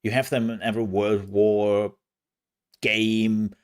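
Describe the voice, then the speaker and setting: Slow-talking low-voiced streamer guy. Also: level tone, smooth. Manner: rambling, self-mocking asides. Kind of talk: casual live-stream chat.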